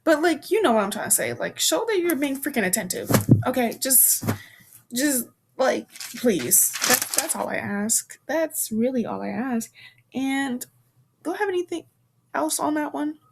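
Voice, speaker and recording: A woman in her twenties hosts a podcast with a slightly high-pitched voice. She talks in a loose, chatty way, full of fillers and restarts. She is frank and playful and swears lightly now and then. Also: expressive, measured pace, gravelly, noisy background. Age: 20s. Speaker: podcast host. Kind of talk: casual chat.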